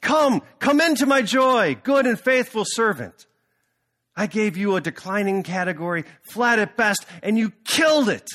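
A man playing a male CEO who proclaims and shouts, loud and forceful. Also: high-pitched, sing-song, measured pace, heavily acted. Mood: jubilant. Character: booming male CEO, jubilant then furious.

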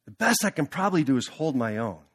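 A man's voice: medium pitch, big pitch swings, fast talker, fairly bright tone, breathy edge, pitched below the performer's own voice. A man doing a meek, resigned manager. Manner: subdued, apologetic.

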